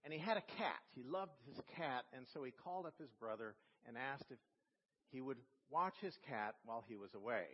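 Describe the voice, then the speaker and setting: A male pastor giving a sermon, telling a story with slow, emphatic phrasing. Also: medium pitch, lively intonation, breathy edge. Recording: long reverb in a church hall, dull lo-fi sound.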